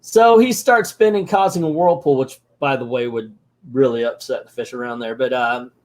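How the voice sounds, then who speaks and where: An older man with a medium-pitched voice recaps a comic book casually and sarcastically. He mocks the story and acts out its lines in quick voices.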